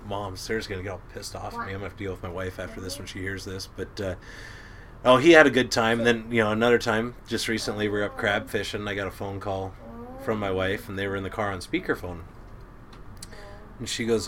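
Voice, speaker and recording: A middle-aged man, a crab boat captain, telling stories in a casual, animated way and acting out quotes. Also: on the low side, fast, noisy background. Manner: animated storyteller who acts out quotes and laughs. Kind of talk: casual storytelling chat.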